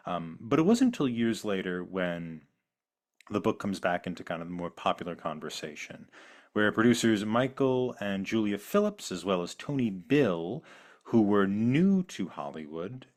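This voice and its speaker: A man hosting a podcast, giving background in a steady, informative way with occasional fillers. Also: deep voice. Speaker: podcast host. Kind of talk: conversational podcast hosting, reading background notes.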